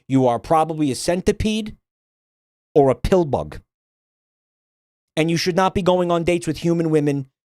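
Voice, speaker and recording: Man, streamer, casual livestream rant, profane, blunt, somewhat high voice, dry close sound. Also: normal speed, long pauses, darkish tone, no echo.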